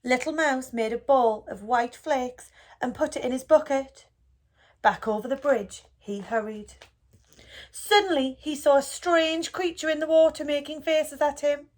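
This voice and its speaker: A woman reading a children's picture book aloud for a school, in a gentle and expressive storytelling manner. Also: sits high, unhurried.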